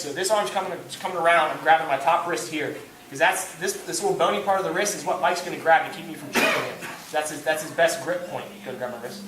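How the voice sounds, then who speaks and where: A man instructs a live grappling class, his voice high and bright. He mixes technical pointers with self-mocking jokes as he works on a partner. The camera picks him up from a distance in a reverberant gym. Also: slight background noise. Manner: joking, self-mocking coaching while grappling. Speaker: jiu-jitsu instructor. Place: indoor training gym. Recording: echoey gym from far off.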